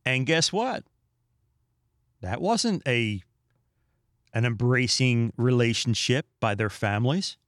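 A man's voice: mid-range voice, slow, long pauses, no echo. Emphatic middle-aged man, dry close mic. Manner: emphatic, animated, opinionated. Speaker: podcast host. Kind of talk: casual monologue.

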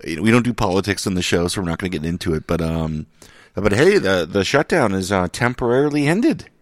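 A man with a fairly low voice hosts a podcast, talking casually in a sardonic, profane ramble full of ums and uhs. His voice is close and dry on a studio mic. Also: lively intonation, brisk, dry recording. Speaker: podcast host. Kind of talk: casual chat. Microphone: studio microphone.

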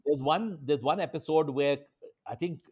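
A man telling stories with enthusiasm in casual chat, with many halting restarts and fillers. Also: a little high, a little mellow, slightly rough.

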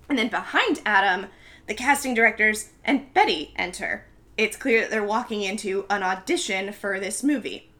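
A woman telling a movie's story in a casual chat. Her voice is bright and clear, and she speaks at an ordinary middle pitch. She acts out the lines of the characters with lots of "like" fillers. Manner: animated storytelling with many fillers, acts out quotes. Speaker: podcast co-host recapping a film.

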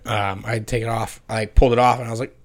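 A man's voice: medium pitch, flat delivery, fast talker. A young man in a loose podcast chat, crude and playful. He tells stories with acted-out quotes and swears freely. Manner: crude, joking storyteller who acts out quotes. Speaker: podcast co-host.

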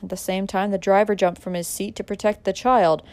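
A woman narrating a dramatic audiobook in a measured way, pressing harder in tense moments. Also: medium pitch, steady tone, darkish tone.

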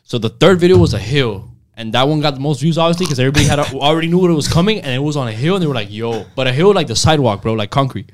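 A young man telling prank stories in casual podcast chat, full of slang and animated. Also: fairly high pitch, rapid-fire, hardly any pauses. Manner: animated storytelling, heavy slang.

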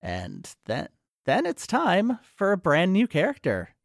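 A man's voice: sits high, wildly swooping pitch, slow pace, vocal fry, dry recording, clean studio sound. A man co-hosting a podcast, recapping a film scene by scene in casual chat, with frequent fillers and restarts. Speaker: podcast co-host.

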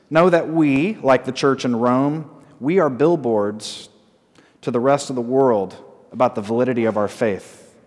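A male pastor preaches a sermon at a mid-range pitch, often asking his congregation questions. He leans on short repeated phrases, spoken slowly for weight. His voice rings with the long reverb of a church hall. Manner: asks the congregation frequent call-and-response questions.

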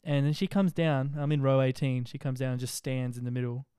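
A young Australian man casually telling an animated, slang-filled story about a flight, with jokey rhymes. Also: mid-range voice, brisk, clean tone, no room sound, clean studio sound. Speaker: social media vlogger.

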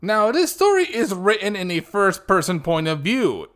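High, lively man with wry commentary. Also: normal speed. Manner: wry, sarcastic. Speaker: podcast host. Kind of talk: casual commentary.

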